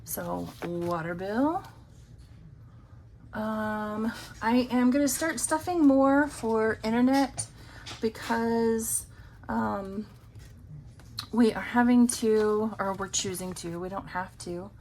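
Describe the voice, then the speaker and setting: Slow, rambling woman chatting over cash. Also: fairly high pitch, a little mellow, a little hiss or hum, low-quality recording. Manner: slow, rambling, many ums. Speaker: budgeting vlogger. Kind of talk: casual chat while counting cash. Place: home.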